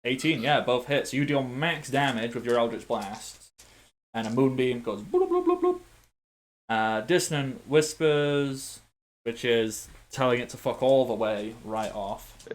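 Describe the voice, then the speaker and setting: A man narrating as game master in a tabletop game, animated and playful, with sound effects. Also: mid-range voice, unhurried.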